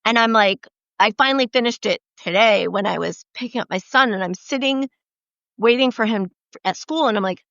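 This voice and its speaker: A woman with a slightly high voice speaks bluntly on a book podcast. She swears freely and often stops and restarts her sentences, and the sound is dry and a touch lo-fi. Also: expressive, normal speed, gravelly, fairly bright tone, no room sound. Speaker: podcast co-host. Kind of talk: casual chat.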